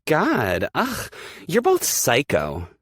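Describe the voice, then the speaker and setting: A man voicing a furious, jealous young woman who snaps and shouts insults. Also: huge pitch swings, drawn-out words, husky, no room sound, studio quality, full character voice. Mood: angry. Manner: shrill, loud and snapping.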